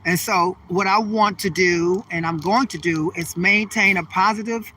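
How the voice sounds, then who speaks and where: Sassy man on a walking vlog, high bright voice, calls viewers honey and baby, distant phone mic, faint traffic behind. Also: normal speed. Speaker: vlogger. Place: outdoors on a street.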